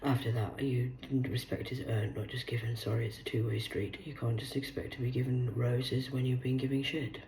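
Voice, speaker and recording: A woman in her forties, losing her voice, who rambles, swears and swings between loud bursts and hushed asides as she hosts a solo chat. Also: a bass voice, little pitch movement, normal speed, hardly any pauses, reverberant, slight background noise, rough recording. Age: 40s. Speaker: host. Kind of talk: rambling solo live chat reading aloud.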